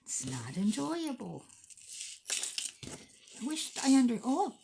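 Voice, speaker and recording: Chatty woman with a gravelly, slow voice. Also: medium pitch, expressive, background noise. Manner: chatty, self-mocking, talks to herself while sorting. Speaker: thrift jewelry unboxing vlogger. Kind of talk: casual unboxing commentary.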